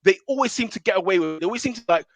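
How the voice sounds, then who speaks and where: A man's voice: high voice, lively intonation, rapid-fire, gravelly. A man co-hosting a podcast, ranting in a heated football debate and repeating himself in exasperation. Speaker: podcast co-host.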